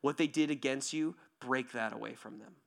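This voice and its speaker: A male pastor preaching in a lively, conversational way, often checking in with "right?" and swinging from near-shouts to hushed whispers. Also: mid-range voice, normal speed, creaky. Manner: animated, conversational, asks "right?" constantly. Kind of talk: sermon.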